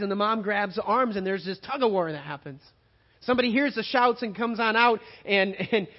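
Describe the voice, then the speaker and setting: A male pastor preaching a sermon, moving between loud emphatic passages and quiet, hushed ones. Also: sits high, dull audio.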